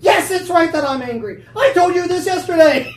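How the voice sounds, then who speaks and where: A woman voicing a sulking, self-pitying male prophet who is loud and indignant, heard from a distance in a roomy space. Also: extremely high pitch, animated, normal speed, pitched above the performer's own voice. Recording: roomy, distant, faint noise.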